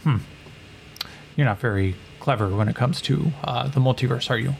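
A man's voice: medium pitch, moderate pace, gravelly, a little hiss or hum, lightly acted. A man voicing a cold, calculating female Atlantean scientist who lectures in a clinical, condescending way.

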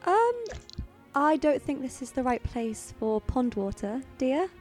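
A woman voicing a kind, motherly, middle-aged female barkeep with a sweet and gentle manner. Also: high-pitched, sing-song, a little slow, faint music behind.

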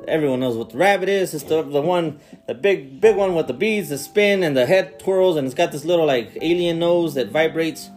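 A man's voice: a little high, brisk, soft background music. A man casually retelling a strange movie scene by scene, incredulous and swearing as he goes. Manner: animated, incredulous storytelling with swearing. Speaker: podcast co-host. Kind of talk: casual movie recap chat.

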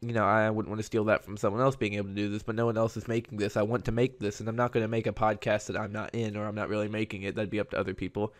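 Low, flat-voiced man hosting a podcast. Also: racing, hardly any pauses. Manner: rambling and conversational. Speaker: podcast host. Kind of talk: casual solo podcast monologue.

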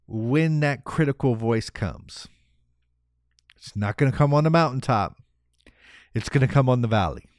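Energetic man giving a motivational talk. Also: medium pitch, no echo, studio quality. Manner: energetic, rhetorical, repeats "right?". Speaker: motivational speaker.

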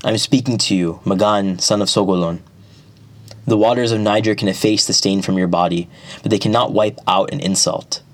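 A man's voice: on the low side, fairly even intonation, moderate pace, no room sound, lightly acted. A man voicing a solemn griot making a proclamation in a spoken folk tale. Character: solemn royal griot elder.

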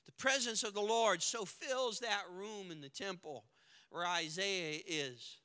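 A man preaching a sermon with dramatic swings from hushed to shouting, recorded in a church sanctuary. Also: high voice, a little slow, clear, resonant tone. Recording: long hall reverb.

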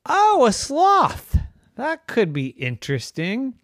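A man puts on a young girl in a bedtime story who will not settle for an ordinary pet. She is insistent and excitable, her voice pushed well up and swooping around. The sound is close and dry. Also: no echo. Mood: musing. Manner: insistent, excitable, high and quick. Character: fussy girl, eager for an unusual pet.

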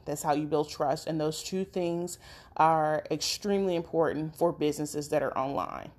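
A woman's voice: sits low, a little mellow. A woman giving practical, direct advice on running a business website, with occasional fillers. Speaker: business coach. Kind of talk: instructional talk.

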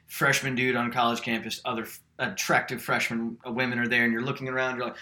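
A young man with a bright, clear voice spins a story in relaxed podcast chat. He is animated and slips into the voices of the people he quotes. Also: medium pitch, fairly quick, hardly any pauses. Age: young adult. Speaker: podcast co-host.

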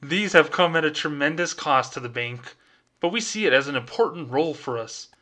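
A man's voice: on the high side, lively intonation, a little fast, sharp tone. A man putting on a polished, formal professional voice to play a corporate bank executive reading out a letter. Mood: formal, measured.

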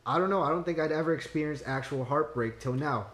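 A young man talks in a loose, laid-back way, swearing freely and acting out his friends' lines. His voice sits a little high for a man. The room around him is echoey and bare. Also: fast talker, fairly bright tone. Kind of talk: casual podcast chat.

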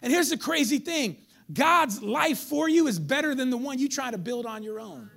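Fiery, high-pitched preacher with a gravelly edge. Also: male voice, moderate pace. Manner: animated preaching, rising to loud calls then dropping to near whispers; casual street slang. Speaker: pastor. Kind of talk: sermon.

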